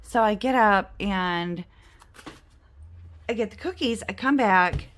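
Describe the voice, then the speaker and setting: A woman's voice: mid-range voice, slow pace. Chatty self-mocking woman telling a story. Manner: chatty, self-mocking, animated storyteller who acts out the other people's lines. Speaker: budget and game-night vlogger. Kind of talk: casual storytelling while playing a game.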